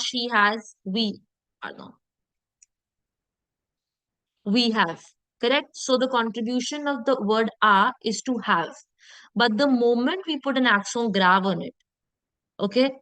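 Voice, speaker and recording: A woman teaching French pronunciation in an online lesson, repeating sounds slowly and checking in with her class. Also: on the high side, a bit bright, dry recording, low-quality recording.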